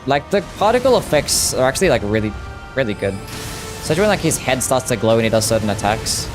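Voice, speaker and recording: A man's voice: medium pitch, big pitch swings, quick pace, music in the background. Joking Australian man streaming a game. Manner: casual, joking, chats with viewers. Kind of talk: live gameplay stream commentary.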